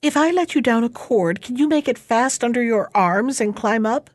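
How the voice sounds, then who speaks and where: A woman voicing a gentle young maiden in a fairy tale who speaks softly and carefully. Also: on the high side, animated, normal speed, dry recording, clean studio sound, natural voice. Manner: soft and hushed. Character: gentle young maiden, frightened but clever.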